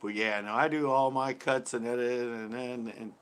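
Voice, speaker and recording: A man's voice: mid-range voice, steady tone, moderate pace, fairly bright tone, clear, resonant tone. Tired, chuckling laid-back man. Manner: laid-back, chuckles often, trails off mid-sentence. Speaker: channel host reading live chat. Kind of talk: casual livestream chat.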